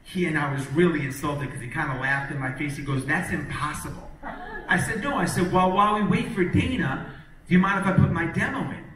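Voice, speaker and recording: A man giving a storytelling keynote, animated and acting out other people's lines, in a large hall before an audience. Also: a little high, quick pace, crowd noise. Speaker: motivational speaker. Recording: echoey hall, distant mic, faint noise.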